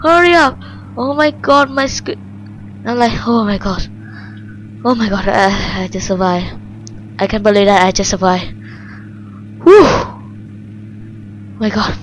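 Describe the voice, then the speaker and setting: A woman with a Vietnamese accent, Vietnamese her first language, doing let's-play game commentary in simple non-native English, moving from low muttering to high excited shrieks. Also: measured pace, long pauses, slight background noise, rough recording. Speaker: gaming channel host.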